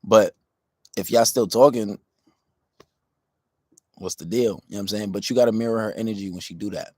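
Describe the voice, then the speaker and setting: A man with a fairly low voice talks through listener questions on a casual podcast. His delivery is relaxed and rambling. The sound is dry and close. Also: dry recording. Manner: laid-back, rambling, low-key and unhurried. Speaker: podcast host.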